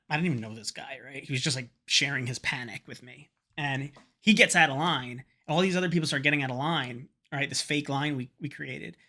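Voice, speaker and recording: A man's voice: medium pitch, a little fast, sharp tone. A man vlogging, telling a rambling, profane story in a casual chat to camera and slipping into quoted voices.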